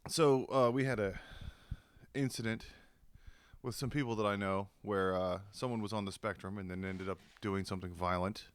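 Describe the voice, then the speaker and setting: A man in casual comedic chat as co-host, making crude deadpan jokes. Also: on the low side, normal speed, clear, resonant tone.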